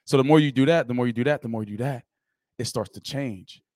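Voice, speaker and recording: A man's voice: medium pitch, darkish tone, no echo, studio quality. A man hosting a podcast, asking questions in a casual, slangy way full of fillers. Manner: casual, fast, slangy fillers like "you know what I'm saying". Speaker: podcast host.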